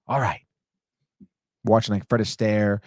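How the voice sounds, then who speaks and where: A man's voice: fairly low pitch, little pitch movement, unhurried, a little mellow, dry recording, studio quality. Profane, rambling podcast host guy. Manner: rambling, profane, says "dude" a lot. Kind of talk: casual TV episode recap.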